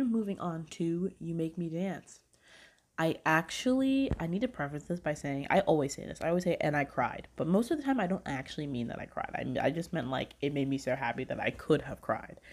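A woman chatting casually in a gushing, excitable way, with heavy filler words, frequent laughter and some swearing. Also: low-pitched. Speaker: vlogger reviewing dramas. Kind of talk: casual chat.

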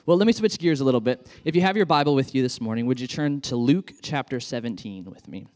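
Man, children's pastor, sermon, enthusiastic, conversational, lots of fillers, medium pitch. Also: lively intonation, quick pace, a little mellow.

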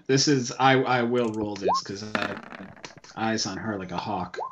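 A man's voice: lowish voice, unhurried, heavy background noise. A man playing a tabletop game, chatting casually and joking. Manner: casual, joking, laughs easily. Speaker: player.

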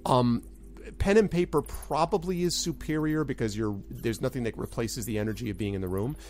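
A man's voice: medium pitch, fairly quick, darkish tone. A man narrating a tabletop game as game master, rambling with lots of fillers.

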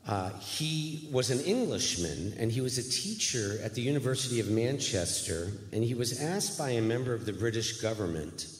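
A man's voice: mid-range voice, expressive, moderate pace, few pauses. A man, a rabbi giving an earnest, folksy guest speech in a church sanctuary. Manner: folksy, earnest, self-deprecating. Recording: echoey church hall.

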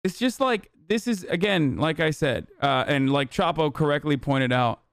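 Young guy ranting n swearing on his stream, lots of uh and like, crisp high voice. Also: animated, normal speed, no echo. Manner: profane, heated, lots of fillers. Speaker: political streamer. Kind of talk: casual ranting commentary.

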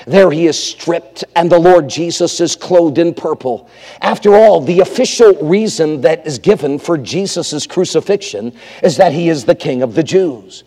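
Fiery male revival preacher, echoing hall. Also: mid-range voice. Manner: swings from loud exclamations to hushed near-whispers. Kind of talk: revival sermon.

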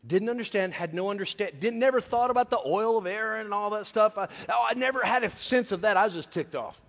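A male preacher with a notably high voice that rings through a large church hall with a long reverb tail. He tells personal stories with a humorous, confiding touch, then turns earnest as he urges his listeners on. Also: fast, fairly bright tone. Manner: humorous, confiding storyteller turning to earnest exhortation. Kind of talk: sermon with personal storytelling.

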